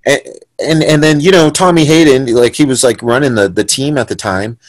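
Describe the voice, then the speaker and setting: Young San Diego man, podcast guest; animated storyteller with mid pitch, dry close mic. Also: a little fast, dry recording. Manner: animated, profane, acts out quoted voices. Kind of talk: casual storytelling.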